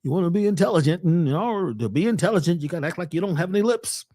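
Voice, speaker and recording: A man giving a webcast talk on health in a preacherly way, swinging between loud lines and hushed ones. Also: sits high, animated, very fast. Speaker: holistic health speaker.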